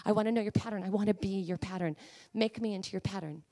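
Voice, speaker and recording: A woman preacher delivering a sermon, emphatic and pleading, at times rising to high fervent cries. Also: quick pace, mellow.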